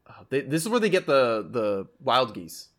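A man's voice: mid-range voice, very animated, moderate pace. Rambling opinionated guy chatting. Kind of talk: casual chat.

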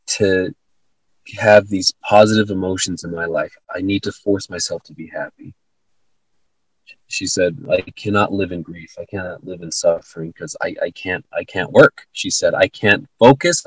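A podcast co-host with a low, slightly bright, husky voice earnestly retells a conversation in casual talk, full of fillers and restarts. The recording is dry and the audio quality is poor.

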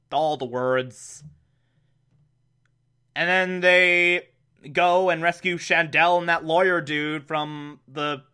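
A man giving a casual, animated recap of a show episode, exasperated and laughing between points. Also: fairly high pitch, clean tone.

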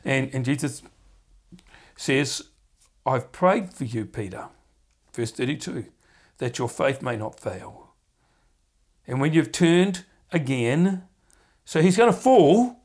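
A man's voice: mid-range voice, slow, long pauses. A man hosting a podcast, teaching from the Bible in an earnest, conversational way, often repeating words as he goes. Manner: earnest, animated when acting out quotes, repeats words.

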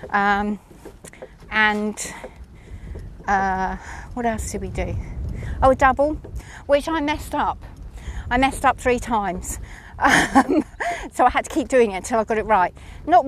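A woman's voice: a little high, slight background noise. Chatty, rambling woman with many ums. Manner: chatty and rambling, with frequent ums and self-mocking laughs. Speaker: horse rider reviewing her lesson. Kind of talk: casual chat.

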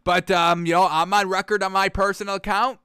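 Male sports host, high clear voice, excitable and chatty, dry close mic. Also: a little fast, dry recording, soft background music. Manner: excitable, chatty, many fillers. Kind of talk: casual sports betting talk.

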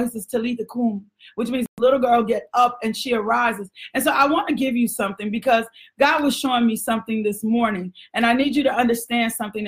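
A woman preacher praying fervently and then preaching, repeating phrases and speaking casually to her listeners between scripture readings. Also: a little high. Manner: fervent, repetitive, calls out to listeners. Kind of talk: sermon with prayer.

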